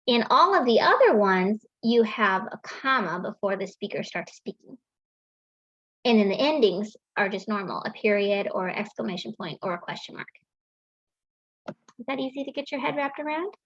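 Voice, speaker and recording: A woman's voice: medium pitch, expressive, normal speed, fairly bright tone, dry recording. A woman teaching a writing lesson, explaining patiently with frequent ums and restarts. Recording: dull, lo-fi sound in a dry room.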